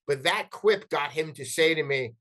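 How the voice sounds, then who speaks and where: Middle-aged guy from jersey/nyc, chatty interview guest, voice sits a bit high, lots of "like" and restarts. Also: normal speed. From New Jersey and New York City, US. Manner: animated, acts out quoted dialogue, frequent restarts and "like". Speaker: podcast guest. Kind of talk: casual interview storytelling.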